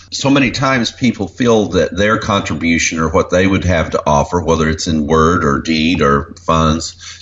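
A man's voice: deep voice, muffled recording. A man hosting a ministry radio show, speaking earnestly about the ministry's supporters.

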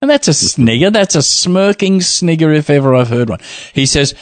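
A man's voice: on the high side, animated, normal speed, dry recording. A man co-hosting a religious talk show, reading a listener's email aloud with playful asides and frequent laughter. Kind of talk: casual chat.

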